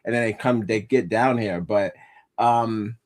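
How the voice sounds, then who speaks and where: A man co-hosting a casual podcast chat, animated and opinionated, laughing often and slipping into mocking voices. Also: on the low side, measured pace. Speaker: podcast co-host.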